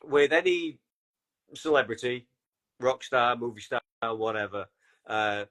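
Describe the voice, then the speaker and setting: A man's voice: medium pitch, lively intonation, a little slow, a bit bright. A man hosting a podcast, asking questions hesitantly with lots of fillers and laughter. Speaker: podcast host. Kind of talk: casual podcast chat.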